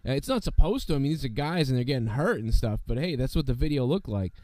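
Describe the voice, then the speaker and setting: A man hosting a podcast in casual chat, his voice hoarse from being sick, rambling with lots of fillers and swearing. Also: medium pitch, big pitch swings, fast, warm tone, no room sound. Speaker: podcast host.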